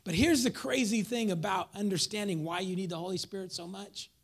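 Speaking briskly in a high voice, a man preaches as pastor, alternating between loud emphasis and quiet whispers while acting out congregation members.

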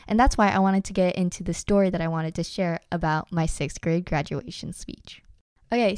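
A woman's voice: medium pitch, warm tone, clean tone, dry recording, studio quality. A young adult woman hosting a motivational podcast, talking earnestly and encouragingly to her listeners. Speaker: podcast host.

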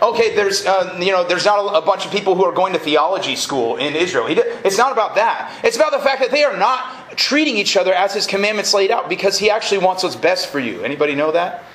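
High-voiced man preaching in an echoey room. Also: a bit bright. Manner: conversational and joking, often checks in with the audience. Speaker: college ministry director preaching. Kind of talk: live sermon. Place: live gathering at a college. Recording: roomy live room recording with faint noise.

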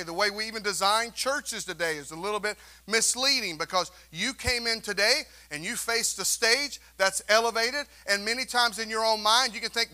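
Male pastor, high bright voice, emphatic call-and-response sermon in a church. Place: church sanctuary.

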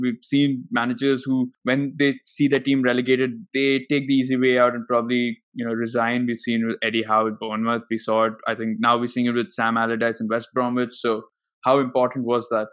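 A man's voice: mid-range voice, a bit bright. A man hosting a podcast in casual chat, asking long, rambling questions full of fillers. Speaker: podcast host.

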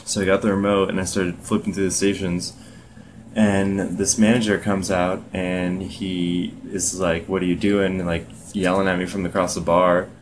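A man's voice: low voice, little pitch movement, moderate pace, a little hiss or hum. A man co-hosting a podcast, telling a work story in a laid-back casual chat with lots of fillers. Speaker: podcast co-host.

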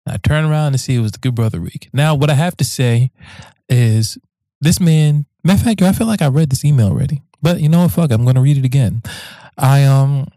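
A man's voice: medium pitch, warm tone, no room sound. Laid-back slangy New man. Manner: loose and slangy, swears freely, breaks off into joking asides. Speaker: podcast host reading listener emails. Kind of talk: casual podcast talk, reading emails aloud.

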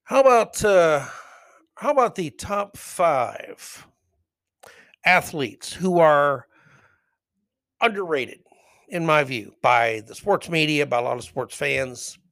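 A man's voice: fairly high pitch, animated, takes it slowly, fairly bright tone. Blunt, heated man ranting on a podcast. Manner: blunt, heated, rambling storytelling. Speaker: podcast host. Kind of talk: opinionated solo podcast monologue.

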